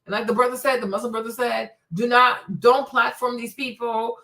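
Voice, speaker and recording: A woman's voice: a little high, level tone, normal speed, gravelly, fairly bright tone. A woman hosting a streamed commentary show, talking emphatically and repeating words for stress. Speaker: host.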